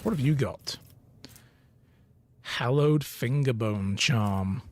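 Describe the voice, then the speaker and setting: A man streaming a video game, reacting excitedly and reading in-game text aloud. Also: mid-range voice, slow, slight background noise. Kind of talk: let's play commentary.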